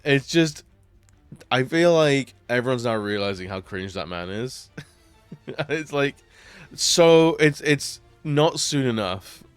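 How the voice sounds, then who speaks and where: A man's voice: mid-range voice, lively intonation, slow, clear, resonant tone, no room sound, soft background music. A man chatting casually on a live stream while gaming, rambling with lots of fillers and frequent laughs.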